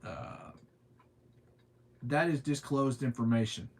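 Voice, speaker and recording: A man's voice: medium pitch, slow pace, slightly rough. A young man with a Southern US accent, chatting casually on a live stream, laid-back and drawling as he answers chat comments with frequent laughter. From southern United States. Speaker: livestreamer.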